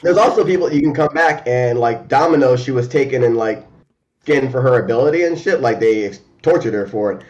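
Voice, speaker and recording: A man in a casual remote chat, talking fast and loose with lots of fillers, restarts and swearing. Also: mid-range voice, highs cut off. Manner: animated and profane, many fillers and restarts. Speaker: podcast co-host.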